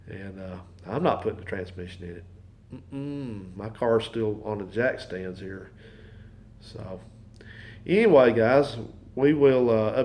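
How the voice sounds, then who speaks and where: A man's voice: lowish voice, a little mellow. A man telling a long, folksy, rambling story in his home garage, repeating himself as he goes. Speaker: mechanic and channel host. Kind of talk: casual storytelling to camera.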